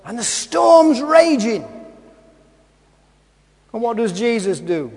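A man's voice: extremely high pitch, very animated, slow, darkish tone. A man preaching a sermon. He repeats his phrases and asks the congregation rhetorical questions. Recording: long hall reverb.

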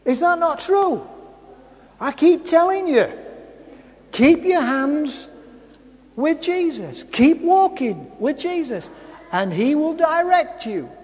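High, slow-speaking male preacher in a reverberant hall. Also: big pitch swings, darkish tone. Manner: repetitive, asks the congregation rhetorical questions. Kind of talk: sermon.

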